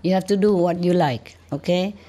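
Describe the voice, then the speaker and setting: Woman teacher, lower voice, teasing and laughing, speaking loose broken English. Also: normal speed, mellow. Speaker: spiritual teacher. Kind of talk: casual advice talk.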